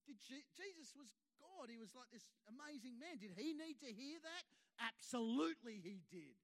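A man's voice: very high-pitched, lively intonation, moderate pace, fairly bright tone. A middle-aged man, a pastor preaching a sermon to his congregation, earnest and building to emphatic bursts. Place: church hall.

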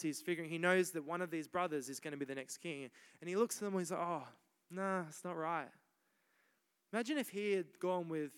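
A young Australian man preaching a sermon as pastor, energetic and repetitive, urging the crowd on with "come on". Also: fairly high pitch, clear, resonant tone. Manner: energetic, repeats himself, exhorting "come on". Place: large church hall. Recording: long hall reverb.

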